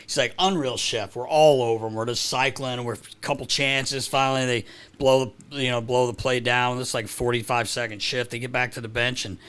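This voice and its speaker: Man, podcast host, casual studio chat; loose, profane, quick to laugh, acts out quotes. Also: mid-range voice, fairly even intonation, a bit bright, smooth. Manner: swearing, laughing storyteller doing quoted voices.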